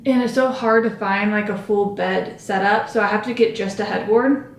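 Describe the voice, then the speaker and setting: In a reverberant room, a young woman at home does her makeup and chats to the camera for her vlog. Her medium-pitched voice moves at a moderate pace, and her talk is rambling, stuffed with fillers, and full of self-interruptions.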